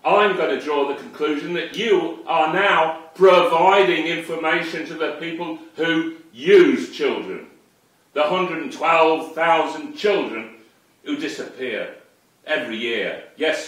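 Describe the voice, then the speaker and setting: Man, angry profane rant to camera, slow delivery, very echoey room, distant mic. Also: fairly high pitch, a bit bright. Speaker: online commentator.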